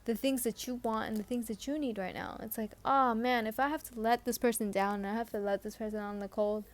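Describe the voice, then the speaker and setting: A woman's voice: on the high side, fairly even intonation, fast talker. A woman giving a casual tarot reading in a chatty way, full of fillers and restarts. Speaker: tarot reader.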